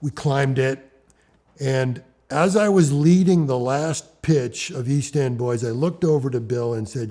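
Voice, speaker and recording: Brief: middle-aged man, mellow dark voice, animated storyteller who restarts his sentences. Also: medium pitch, measured pace. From Ontario, Canada. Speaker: rock climber interviewee.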